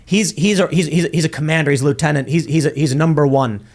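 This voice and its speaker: A man's voice: on the high side, fast. A podcast host arguing his view in a rambling way, with stammering restarts. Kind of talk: panel show discussion.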